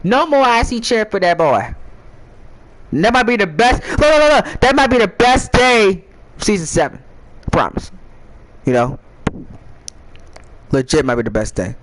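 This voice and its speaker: A man's voice: sits high, very animated, moderate pace, pauses often, a bit bright, low-quality recording. A young man, a gaming YouTuber, giving casual advice to viewers in a playful, teasing way, rambling and restarting his words often.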